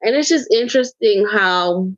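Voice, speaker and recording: A woman's voice: medium pitch, expressive, moderate pace, no room sound. Woman, casual podcast chat, loose rambling talk, swears, dull muffled sound. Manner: loose and candid, swears, laughs often, rambles with fillers. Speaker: podcast co-host.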